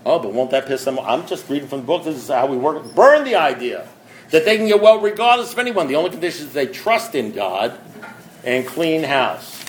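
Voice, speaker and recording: Guy sharing his story at a recovery meeting, kinda high voice, dry self-mocking jokes, slight hiss behind. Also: sing-song, fairly quick. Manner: wry, self-mocking humor; emphatic, repetitive build-ups. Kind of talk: storytelling talk.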